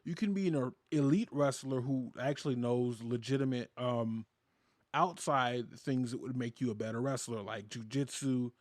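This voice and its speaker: A man's voice: medium pitch, normal speed, no echo, studio quality. A man co-hosting a podcast in casual chat, laid-back and conversational, swearing now and then. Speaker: podcast co-host.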